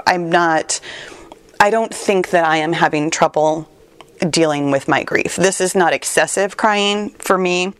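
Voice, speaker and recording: A woman's voice: medium pitch, no room sound. A woman hosting a personal podcast as a fitness trainer, on the verge of tears, emotional and tearful, laughing now and then and repeating words as she searches for them.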